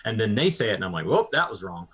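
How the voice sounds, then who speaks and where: A man's voice: lowish voice, sing-song, fast talker, fairly bright tone, husky. A man from North America co-hosting a gaming podcast, chatting thoughtfully with hesitant repeats. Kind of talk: casual gaming podcast chat.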